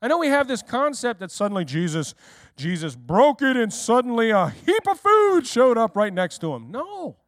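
A male pastor preaching a lively sermon, often asking his congregation questions and speaking to people in the room. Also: very high-pitched, moderate pace, no room sound, clean studio sound. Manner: speaks directly to listeners in the room.

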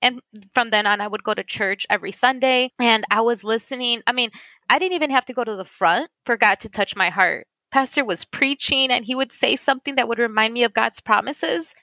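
A woman tells her story of faith in an interview, earnest and tearful, often repeating her words for weight. Her voice sits a little high and has a gravelly fry to it. The sound is dry and close, with no room around it. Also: fairly quick, bright, forceful tone, no echo. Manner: earnest, repeats phrases for emphasis. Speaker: guest sharing testimony. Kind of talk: emotional faith testimony.

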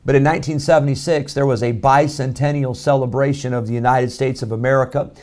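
A man, preaching a sermon as pastor, rising loud on key lines and dropping to a low hush for emphasis. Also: steady tone, quick pace. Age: 40s.

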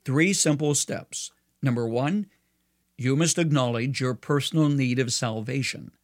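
A man delivering a scripted devotional radio commentary in an earnest, measured and persuasive way. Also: mid-range voice.

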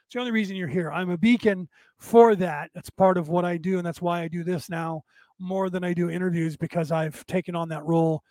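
A man's voice: high-pitched, fairly even intonation, brisk, warm tone, no echo. A man hosting a casual solo livestream, talking in a rambling way with many fillers and restarts. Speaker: host.

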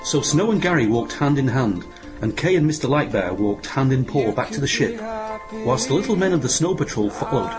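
A man narrates a comic pantomime with sarcastic, grumbling asides and a lively, wide-ranging delivery. Clear music plays under the voice throughout. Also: mid-range voice, brisk. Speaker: host and narrator.

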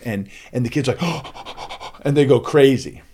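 A man telling a lively story as a guest in a conversation, acting out the voices of the people in it. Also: mid-range voice, fairly quick. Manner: acts out voices, lively and playful. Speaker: guest, school assembly speaker.

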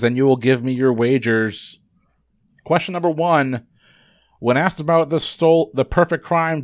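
A man hosting a trivia podcast, running the quiz in brisk, upbeat patter. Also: a little high, no room sound, clean studio sound.

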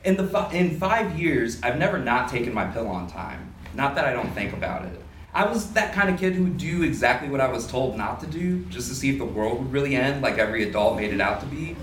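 A man reads a story aloud at a literary event, giving it lively first-person energy. The sound is roomy and a little distant, with faint room ambience behind him. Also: medium pitch, a little fast, a little hiss or hum. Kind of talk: reading prose fiction aloud. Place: live reading event indoors.

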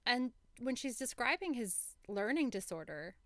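A woman co-hosting a casual book-club podcast, enthusiastic and animated, laughing easily. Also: a little high, moderate pace, dry recording. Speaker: podcast co-host.

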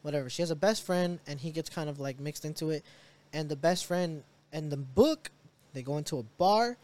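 Animated, swearing man telling stories. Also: a little high, a little fast. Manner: animated storyteller, swears, acts out reactions. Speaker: podcast co-host. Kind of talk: casual chat.

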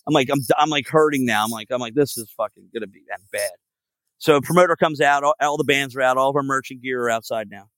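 A man spins a long, meandering story from the road as a podcast guest, swearing freely and packing his sentences with fillers. His voice sits at an ordinary pitch, and the sound is dry and close with little room around it. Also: fast talker, few pauses, fairly bright tone, dry recording. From Philadelphia area. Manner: rambling, profane, many fillers. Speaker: podcast guest, band frontman. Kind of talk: casual storytelling.

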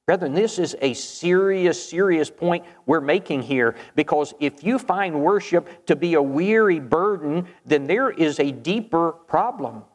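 A man's voice: fairly high pitch, lively intonation, measured pace, hardly any pauses, big-room sound. A man preaching a sermon in an earnest, emphatic way, reading scripture aloud and addressing the congregation.

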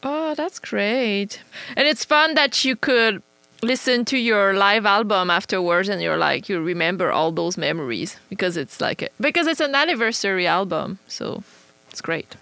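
Female podcast host, relaxed interviewer, mid-range voice, dry close recording. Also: mid-range voice, moderate pace, gravelly, dry recording. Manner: brief backchannels, laid-back questions. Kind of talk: casual interview chat.

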